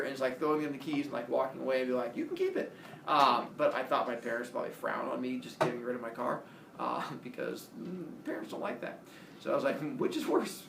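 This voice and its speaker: A man's voice: mid-range voice, creaky, a little hiss or hum. A man casually telling a personal story, acting out the voices of the people in it. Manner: animated storytelling, acts out quoted voices. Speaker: storyteller host. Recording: roomy echo, distant from the mic, faint ambience.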